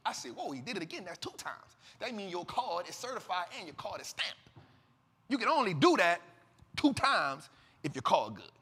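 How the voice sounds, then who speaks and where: A man host telling a story dramatically to an audience, acting out the dialogue and swinging between loud and hushed. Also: high-pitched, big pitch swings, moderate pace, pauses often, husky, long reverb tail.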